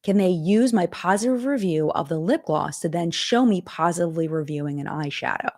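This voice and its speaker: Woman, live-stream host, casual and chatty, thinks out loud, lowish pitch. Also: fairly quick. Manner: chatty, thinking aloud, reads comments and contract text. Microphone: streaming setup.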